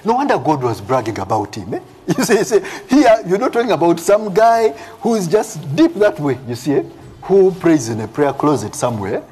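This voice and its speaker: A man's voice: a little high, moderate pace, husky, faint music behind. A man preaching a live sermon as a prophet, reading scripture aloud and explaining it, often ending lines with "eh?" and laughing. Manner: animated preaching with frequent "eh?" tags and laughs.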